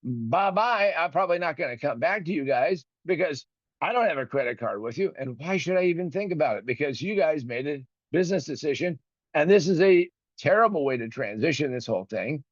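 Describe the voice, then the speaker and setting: A man's voice: on the high side, lively intonation, fairly quick, dry recording. A man hosting his own show, ranting with profanity and indignation and acting out both sides of a phone call. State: recovering from a broken finger. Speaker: podcast host. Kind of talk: ranting monologue.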